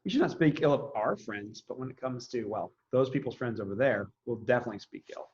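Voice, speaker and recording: A man's voice: medium pitch, animated, fast, darkish tone, dull audio. Casual man teaching a classroom lecture. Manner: casual, thinks aloud with fillers and restarts.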